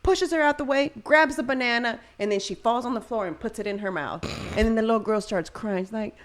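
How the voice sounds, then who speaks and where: A woman's voice: fairly high pitch, brisk. A woman in her thirties, a mother, chatting casually on a podcast and acting out the voices in her stories. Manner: animated storyteller, acts out quoted voices. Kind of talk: casual chat.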